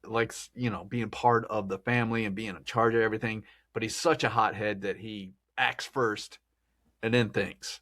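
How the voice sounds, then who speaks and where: Male podcast host, slightly low voice, loose chatty delivery with frequent laughs. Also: steady tone, normal speed, fairly bright tone. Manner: rambling, chatty, laughs often. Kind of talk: casual film discussion.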